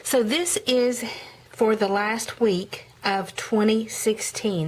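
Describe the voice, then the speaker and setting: A woman's voice: medium pitch, steady tone, slow pace, a little hiss or hum, poor audio. A woman talking casually in a vlog, walking through her prayer journal, chatty with frequent ums and self-corrections. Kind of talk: casual show-and-tell vlog.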